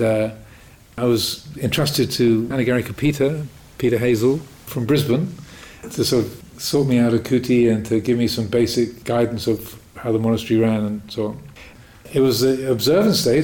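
A man shares a personal anecdote in the manner of a Dhamma talk, as a Buddhist teacher would. His voice sits at an ordinary middle pitch. He talks in a relaxed, self-deprecating way and chuckles now and then.

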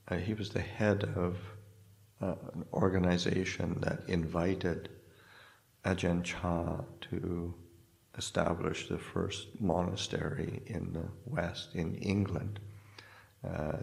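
Male monk, low gravelly voice, slow, halting dharma talk with many restarts. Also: darkish tone. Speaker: Buddhist monk teacher. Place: hall in a spiritual society.

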